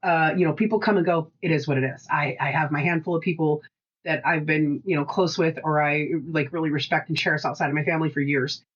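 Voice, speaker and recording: Animated swearing woman podcast co-host. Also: sits low, fast, slightly rough, dull audio. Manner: animated storyteller, swears freely, acts out quotes. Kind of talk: casual chat.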